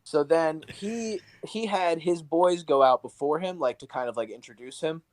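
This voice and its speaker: A young professional wrestler rambles through stories as a guest on a podcast, packing his casual interview talk with fillers. He has a fairly high-pitched, darkish voice at a moderate pace, and the recording is rough.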